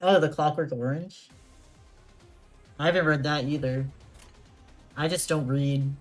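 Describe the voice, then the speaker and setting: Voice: mid-range voice, unhurried, soft background music. A streamer chatting casually during a live gameplay stream, laughing often and reacting to chat.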